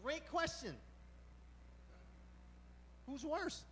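A man preaches from the pulpit with a strikingly high voice. He talks loosely and animatedly and breaks into exclamations. His words ring out with a long reverb through the church hall. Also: expressive, very slow, bright, forceful tone, a little hiss or hum. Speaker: pastor. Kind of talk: sermon.

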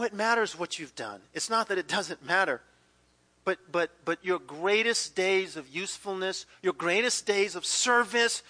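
A man preaching a sermon, telling a personal story with lively acted-out quotes and dropping to hushed, intense passages. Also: sits high. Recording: long hall reverb.

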